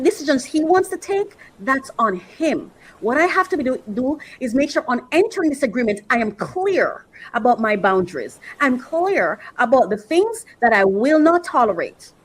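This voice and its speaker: A woman speaking from the heart on a talk podcast, earnest and reflective, with slow, emphatic stretches and moments where she is moved to emotion. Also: sits high, breathy edge, low-quality recording. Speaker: podcast host. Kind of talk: heartfelt personal monologue.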